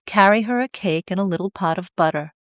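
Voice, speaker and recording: A woman voicing a caring mother who gives her daughter gentle instructions. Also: mid-range voice, a little fast, no echo, clean studio sound, close to an everyday voice.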